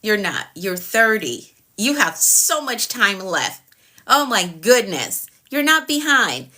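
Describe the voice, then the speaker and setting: Bright-voiced woman coaching on a live stream. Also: mid-range voice, big pitch swings, slow pace. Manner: encouraging, repeats questions, addresses viewers by name. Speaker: productivity coach. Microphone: phone or webcam on a live stream.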